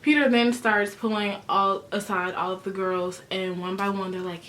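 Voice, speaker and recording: A woman's voice: medium pitch, a little fast, hardly any pauses, a bit bright, slight background noise. A young woman giving a chatty, sassy recap of a reality show, full of slang. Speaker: recap vlogger. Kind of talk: casual TV recap.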